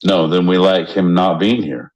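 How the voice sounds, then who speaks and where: A man co-hosting a podcast in casual banter, rowdy and joking, often jumping into loud mock voices. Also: low-pitched, fairly even intonation, moderate pace, muffled recording. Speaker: podcast co-host.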